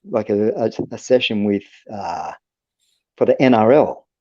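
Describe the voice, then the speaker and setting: Laid-back Australian man, mellow tone. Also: on the low side, animated, unhurried, no room sound. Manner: rambling, laid-back, full of fillers and restarts. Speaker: guest musician. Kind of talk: casual interview storytelling. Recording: dull lo-fi podcast audio.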